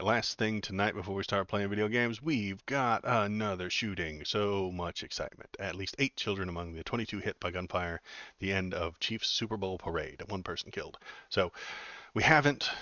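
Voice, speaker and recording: A deep-voiced man rambles through political news on his livestream, dropping sarcastic jokes between filler words. The sound is dry and slightly dull, like a cheap home mic. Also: normal speed, bright, forceful tone, dry recording. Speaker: political commentary streamer. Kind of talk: casual livestream commentary.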